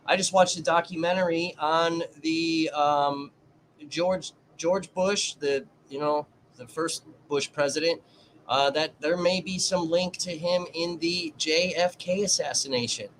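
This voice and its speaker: A man's voice: a little high, steady tone, unhurried, a bit bright, a little hiss or hum, poor audio. A man hosting a casual livestream, chatting to his viewers and commenting on a trial. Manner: chatty, addresses viewers directly.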